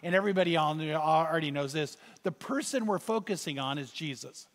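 High-voiced animated male preacher in a hall. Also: brisk. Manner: animated storytelling with rising exclamations. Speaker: pastor. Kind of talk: sermon. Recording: reverberant hall sound.

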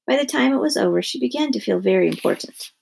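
Gravelly-voiced woman reading a children's book. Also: a little high, fast talker, slight background noise. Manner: expressive storybook narration. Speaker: storyteller.

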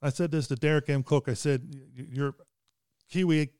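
A man's voice: on the high side, steady tone, fairly quick, a little mellow, clear, resonant tone, no room sound, studio quality. A middle-aged man hosting a casual movie podcast, talking hesitantly with many fillers and restarts. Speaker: podcast host and father.

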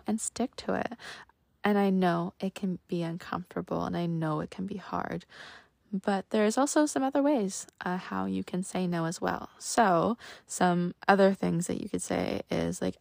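Young female podcast host, casual advice talk, gravelly fry, dry close sound. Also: lowish voice, normal speed, a little mellow, no echo. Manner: chatty, acts out quoted lines, many fillers like "like". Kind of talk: casual self-help talk.

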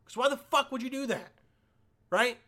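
A young man rants in a high, bright voice, swearing freely and tripping over repeated words. He keeps pressing for agreement with "all right?" and "okay?" as he goes. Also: normal speed. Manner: stumbling repetitions. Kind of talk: casual profane rant.

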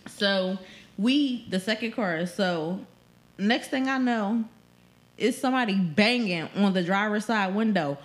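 Speaking unhurriedly at a medium pitch, this young pregnant podcast co-host relates a tale in relaxed conversation. Her storytelling is lively and profane, full of cursing and frequent impressions of other people's words.

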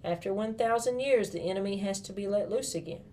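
A woman voicing a kind, solemn young king who is a big brother, speaking in a gentle, earnest, preaching manner in a storybook reading. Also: mid-range voice, a little fast, slight background noise, natural voice.

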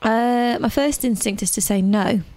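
A woman co-hosting a relaxed podcast, teasing and dry in her replies. Her voice sits a bit high for a woman, and the sound is close and dead, with no room echo. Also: normal speed. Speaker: podcast co-host. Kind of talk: casual chat.

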